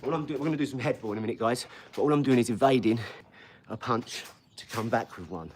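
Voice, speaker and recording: A man's voice: mid-range voice, quick pace, noisy background. A middle-aged man hosting a casual live stream, boastful and chatty as he talks straight to his viewers. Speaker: live stream host and boxer.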